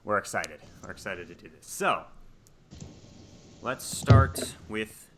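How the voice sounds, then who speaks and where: A man narrating and hosting a tabletop horror game as game master, in a relaxed, conversational way. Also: fairly low pitch, slow pace, very noisy.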